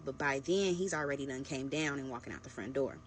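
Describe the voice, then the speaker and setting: A young adult woman narrating a personal story to her viewers in a casual, animated storytime vlog. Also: a bass voice, quick pace, a little hiss or hum. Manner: animated, conversational storytelling, addressing viewers as "y'all". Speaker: vlogger.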